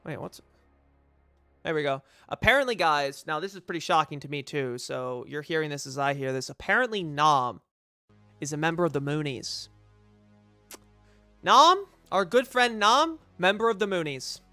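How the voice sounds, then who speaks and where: A man streaming live and reacting out loud in a rambling, profane, excitable way. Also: fairly high pitch, moderate pace, dry recording, faint music behind. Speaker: streamer and host.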